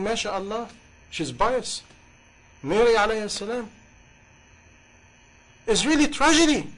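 A man's voice: sits high, a bit bright, low-quality recording. A man preaching a sermon in passionate, English, with many rhetorical questions. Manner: impassioned, rhetorical questions, non-native grammar.

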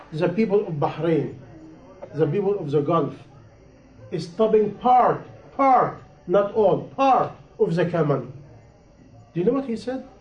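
Man preaching, high voice, impassioned, repeats for emphasis, dull lo-fi recording. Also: a little mellow. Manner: impassioned, repetitive, rising and falling emphasis. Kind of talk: sermon. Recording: echoey room, dull lo-fi sound.

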